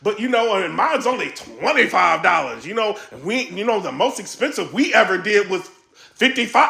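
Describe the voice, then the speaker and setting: Man, excited commentary vlog, very animated, echoey room. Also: sits high, moderate pace, creaky. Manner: animated, laughing, quoting others in a raised voice. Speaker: battle rap commentary vlogger.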